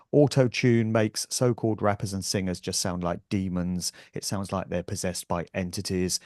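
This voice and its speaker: A man's voice: low voice, a little mellow, no room sound, studio quality. A male guest on a talk show, holding forth emphatically and scornfully in casual conversation. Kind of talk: casual chat.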